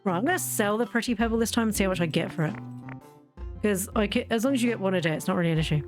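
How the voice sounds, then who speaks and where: A woman's voice: mid-range voice, rapid-fire, soft background music. Chatty woman rambling over a game. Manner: chatty, rambling, self-interrupting. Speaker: gaming channel host. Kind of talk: casual let's-play commentary.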